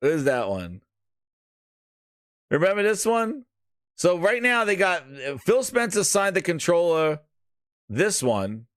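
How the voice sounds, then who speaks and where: Solo male gaming host, loud mocking rants, higher voice, dry close mic. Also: slow, pauses often, no echo. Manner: profane, mocking, animated. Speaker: podcast host. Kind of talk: casual gaming rant.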